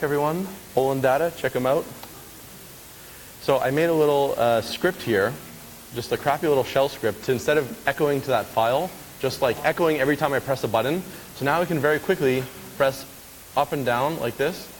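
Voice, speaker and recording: A man giving a casual live technical demo at a conference, chatty and often checking in with the audience. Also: mid-range voice. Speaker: conference speaker. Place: conference lecture hall. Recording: reverberant hall with faint hiss.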